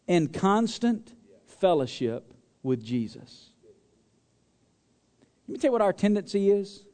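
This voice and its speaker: A pastor preaches a sermon in church, calling on the congregation to answer aloud. He swings between loud, stressed phrases and low, quiet asides, with a long reverb tail.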